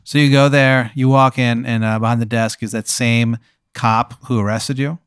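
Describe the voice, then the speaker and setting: A man's voice: mid-range voice, steady tone, normal speed, a bit bright, smooth, no echo, studio quality. A man acting as game master, narrating an improvised scenario in a loose, rambling way with many fillers. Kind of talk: improvised storytelling.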